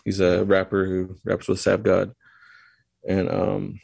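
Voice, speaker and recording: Low, gravelly man telling a story. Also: monotone, darkish tone, no echo. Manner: halting, loose retelling of events. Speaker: podcast guest. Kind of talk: casual storytelling.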